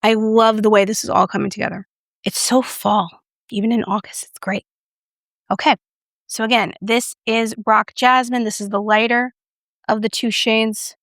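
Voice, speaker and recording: A woman doing a casual makeup review vlog, chatty and playful, with self-mocking asides and soft whispered moments. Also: a little high, little pitch movement, normal speed, no room sound, studio quality. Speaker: beauty reviewer.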